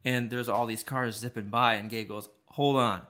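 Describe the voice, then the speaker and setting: A man's voice: medium pitch, little pitch movement, normal speed, bright, forceful tone. A man co-hosting a podcast, casually telling a funny story and chuckling along. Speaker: podcast co-host. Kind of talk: casual chat.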